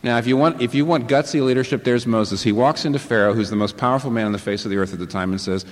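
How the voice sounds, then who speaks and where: A man's voice: medium pitch, quick pace, hardly any pauses. A man preaching a sermon to a live congregation, emphatic and fond of rhetorical questions that he answers himself. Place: large church hall with a live congregation. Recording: long reverb in a large hall.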